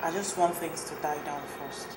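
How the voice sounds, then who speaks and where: A woman playing a hurt young woman who speaks hesitantly and quietly. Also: low-pitched, moderate pace, background noise, lightly acted. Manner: hesitant, subdued. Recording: roomy, music underneath.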